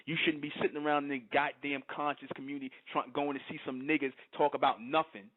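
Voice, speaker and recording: A man hosting a radio broadcast, preaching to his listeners in a forceful, emphatic monologue and often stopping to ask "you understand?". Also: fairly high pitch, fairly even intonation, quick pace. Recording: narrow phone-like radio audio.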